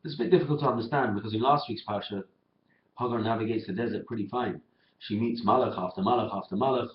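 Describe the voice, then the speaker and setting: Fast-talking man teaching weekly Torah portion. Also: on the low side, slight background noise. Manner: animated storyteller, acts out dialogue in quotes. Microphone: webcam. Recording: lo-fi roomy webcam sound.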